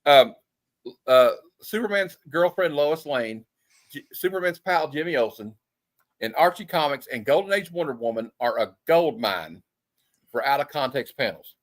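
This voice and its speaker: A man's voice: fairly high pitch, expressive, moderate pace. A man hosting a casual comic chat, joking and laughing as he reads old comic panels aloud. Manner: jokey, laughs often, reads panels in put-on voices. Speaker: comic show host.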